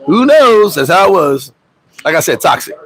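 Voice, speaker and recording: Lively, profane American expat man. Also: high-pitched, moderate pace, low-quality recording. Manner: profane, animated storytelling. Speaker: vlogger. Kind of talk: livestream storytelling. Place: Dominican Republic.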